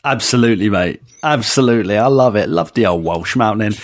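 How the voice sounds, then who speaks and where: A man co-hosting a podcast in casual chat, chatty and quick to laugh, calling people "mate". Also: lowish voice, expressive, no room sound. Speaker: podcast co-host.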